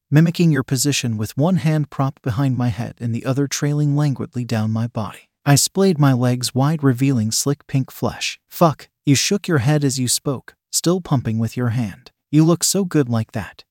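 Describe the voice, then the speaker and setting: A man with a mid-range voice narrates a scripted erotic story, slow, even and intimate. The recording is dry and close-miked, with no room echo. His pitch sits at an ordinary middle level.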